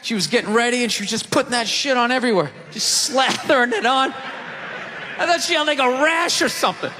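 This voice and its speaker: A man doing a stand-up comedy set, loud and ranting as he acts out voices on a big stage. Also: very high-pitched, a little fast, background noise. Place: comedy stage in a large venue. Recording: live hall with audience laughter.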